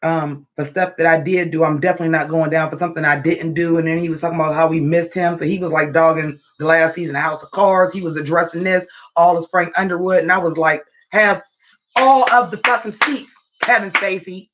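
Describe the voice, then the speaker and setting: A high-voiced man rants and chats to his livestream viewers, animated and swearing constantly. He talks fast with barely a pause, and the sound is dull and lo-fi.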